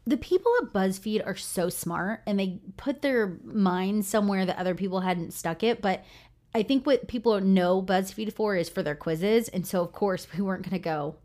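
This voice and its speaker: A woman in her thirties with a Midwestern American accent, co-hosting a casual podcast in a chatty, animated way. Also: lowish voice, moderate pace. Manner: chatty, animated storyteller with frequent "like". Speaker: podcast co-host.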